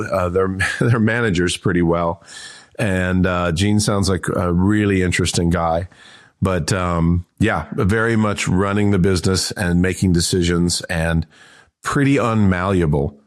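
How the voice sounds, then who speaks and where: A man in his fifties, a guest on an interview, telling anecdotes in a lively, restart-heavy way. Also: deep voice. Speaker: guest, entrepreneur and author. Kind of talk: casual interview storytelling.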